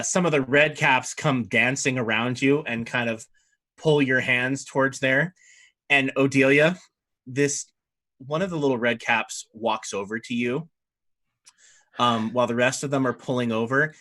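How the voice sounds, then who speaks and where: A man running a tabletop game as dungeon master, describing scenes in a loose, rambling way. His voice is bright and forward, pitched in the middle. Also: measured pace. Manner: rambling, with frequent fillers and restarts. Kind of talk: improvised tabletop game narration.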